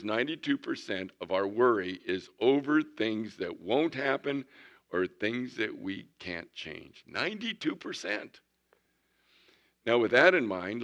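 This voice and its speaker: An older male pastor in his sixties gives a folksy sermon. His voice sits at an ordinary pitch but sounds bright and forceful, and he swings from loud bursts to hushed, low passages. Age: 60s.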